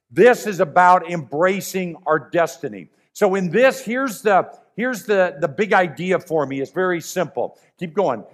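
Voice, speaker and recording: High-voiced man preaching a sermon. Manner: earnest, emphatic, repeats key phrases.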